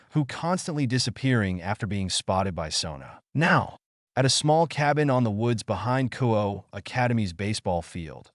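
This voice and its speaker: A man's voice: fairly low pitch, no room sound, studio quality. A man reading fan fiction aloud, with chatty asides to the listener.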